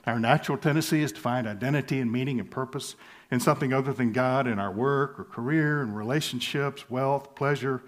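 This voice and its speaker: A man delivers a sermon as pastor. His voice sits in a middle pitch, and he speaks earnestly and deliberately, slowing down on key phrases and chuckling softly now and then. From southern United States. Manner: earnest, measured, slowing for emphasis, with light chuckles.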